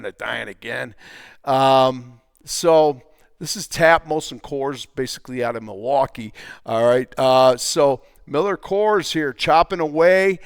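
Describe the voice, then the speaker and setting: A man's voice: mid-range voice, creaky, dry recording, studio quality. A man casually talking through stock charts as a trading teacher, rambling, repeating himself and throwing in jokey asides.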